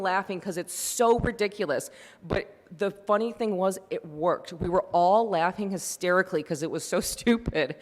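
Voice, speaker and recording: Picture a presenter at a campus event, talking to a small audience in a relaxed, chatty way, with plenty of ums along the way. The voice sits at a middling pitch. A long reverb hangs on every word, as in a big hall. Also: a little fast. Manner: conversational, chatty, many fillers. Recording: long reverb of a large room.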